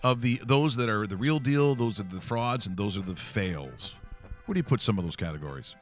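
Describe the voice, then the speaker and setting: A man hosting a casual sports talk stream, tossing quick joking questions to his panel. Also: fairly low pitch, expressive, faint music behind. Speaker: host.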